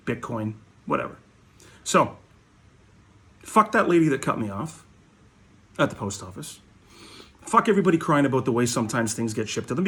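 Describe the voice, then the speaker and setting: A man's voice: a little high, fairly bright tone. A middle-aged man ranting bluntly in a vlog, swearing constantly. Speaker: hockey card vlogger. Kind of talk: profane ranting monologue.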